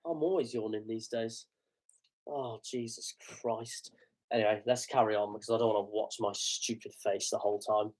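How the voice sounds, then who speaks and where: A man's voice: lowish voice, steady tone, normal speed, darkish tone. A man hosting a casual football reaction, chatty, self-mocking and sweary. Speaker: football channel host. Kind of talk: casual match reaction commentary.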